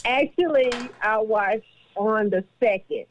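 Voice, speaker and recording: A woman's voice: fairly high pitch, slow pace, a little hiss or hum. A woman with a Southern US accent, calling in to a radio show and chatting in a laid-back, drawling way. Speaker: caller. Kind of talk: casual call-in chat. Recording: dull lo-fi phone call-in.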